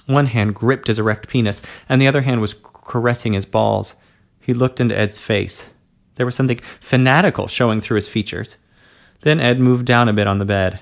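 Male narrator, mid-pitched with a gravelly edge, steady unhurried story reading. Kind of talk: reading an adult story aloud.

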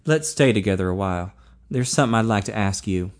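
A man reading aloud, voicing a brawny, blunt adult man in a hushed, matter-of-fact way. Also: lowish voice, animated, quick pace, pitched below the performer's own voice, lightly acted.

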